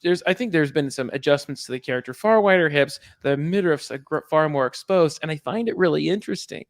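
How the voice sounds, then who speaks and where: A man's voice: a little high, fast talker, no echo, studio quality. A man co-hosting a podcast in casual chat, rambling and hesitant, often correcting himself. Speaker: podcast co-host.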